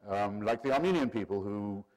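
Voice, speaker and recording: A man in his sixties with an English accent giving a public lecture in a measured, erudite way, full of asides. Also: fairly low pitch, expressive, darkish tone. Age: 60s.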